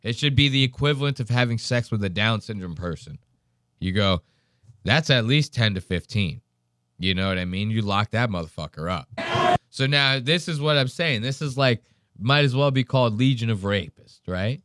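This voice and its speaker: A man hosting a podcast, casually mocking the clips he plays with crude, animated commentary. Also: medium pitch, fairly quick, smooth, dry recording. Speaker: podcast host.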